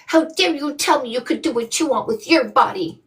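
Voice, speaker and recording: A woman's voice: high voice, normal speed, fairly bright tone, recorded from a distance. A woman mocking an enraged controlling man. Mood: mocking outrage. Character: angry controlling adult man, sneering.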